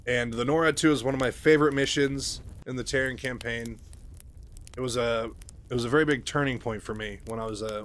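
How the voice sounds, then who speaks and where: A man's voice: mid-range voice, a bit bright, slight background noise. A man casually retelling a book, chatty with fillers and asides. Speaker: storyteller.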